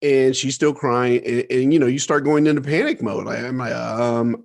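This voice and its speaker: A man's voice: on the high side, normal speed, creaky, few pauses, darkish tone. A man telling a painful childhood story as a podcast guest, earnest and emphatic, laughing through hard memories. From Ohio, USA. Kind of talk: candid storytelling interview.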